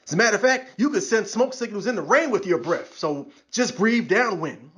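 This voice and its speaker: A New York man hosts his podcast as a stand-up-style comedic rant, wry and sarcastic, acting out the voices of the people he mocks. His voice is high-pitched and a bit bright, with big pitch swings, at a normal speed.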